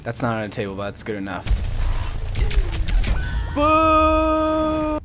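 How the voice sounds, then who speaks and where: A young man giving goofy, excitable gameplay commentary into a desk mic, yelling and laughing at his matches. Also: fairly low pitch, rapid-fire, over music. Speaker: gaming YouTuber.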